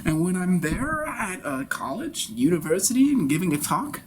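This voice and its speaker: A grown man performing an improvised theatrical monologue in character, rambling and swinging between loud bursts and soft whispers. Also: sits high, sing-song, moderate pace, a little hiss or hum, poor audio. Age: adult.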